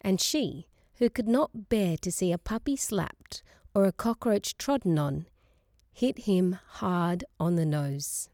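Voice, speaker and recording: An audiobook reader narrates a novel aloud in a measured, expressive storytelling style. Her voice is fairly low, and the scripted narration is a dry, studio-quality recording.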